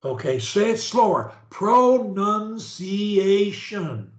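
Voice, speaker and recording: Male speech coach, high lively voice, slow and directive, roomy lo-fi recording. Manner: directive, models words slowly for repetition. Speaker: speech therapist. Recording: roomy, dull lo-fi sound.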